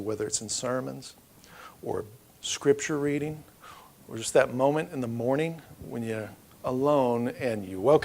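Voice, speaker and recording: Middle-aged pastor guy, average pitch, chatty storytelling sermon, gets loud then goes quiet. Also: gravelly. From Oklahoma. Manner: loose, storytelling, rises and drops in loudness. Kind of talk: conversational sermon. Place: church.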